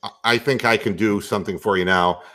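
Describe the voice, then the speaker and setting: A man's voice: on the low side, fairly even intonation, fairly quick, pushed and bright. A man hosting a casual sports talk show who jokes and rambles, often stammering on his words. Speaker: podcast host.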